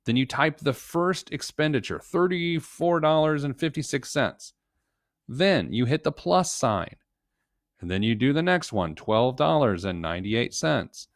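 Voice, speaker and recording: A man with a mid-range voice walks viewers through a budget in a casual live-stream tutorial. He is chatty and joking, with lots of quick asides and restarts. The sound is dry and close, as if from a computer mic at a home desk. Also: mid-range voice, expressive, dry recording. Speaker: financial planner teaching a live budgeting session.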